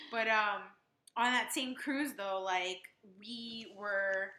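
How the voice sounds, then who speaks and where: A young woman co-hosting a casual chat, telling a travel story in an excitable, dramatic way. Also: medium pitch, drawn-out words. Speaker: podcast co-host. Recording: echoey room.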